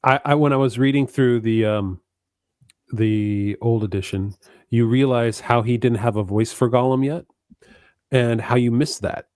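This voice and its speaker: A man's voice: mid-range voice, steady tone, a little slow, darkish tone, dry recording. Eager man talking books, dry close sound. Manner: enthusiastic, stammering restarts. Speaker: podcast co-host. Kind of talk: casual book discussion.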